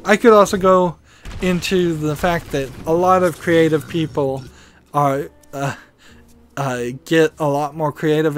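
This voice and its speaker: Slow-talking man musing over gameplay. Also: on the high side. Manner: meandering, musing, thinks aloud. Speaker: gaming video host. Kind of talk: rambling commentary while playing.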